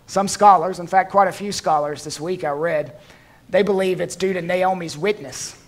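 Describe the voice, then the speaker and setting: A pastor preaching a sermon, slowing down and dropping his voice softly for emphasis, with dry touches of humor. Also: high-pitched.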